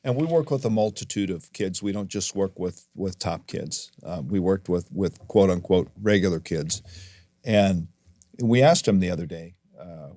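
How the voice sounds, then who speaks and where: Deep-voiced male gym owner, thoughtful. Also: lively intonation, moderate pace, mellow, no echo, studio quality. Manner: thoughtful, many fillers. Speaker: gym owner and gymnastics coach. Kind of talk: casual interview conversation.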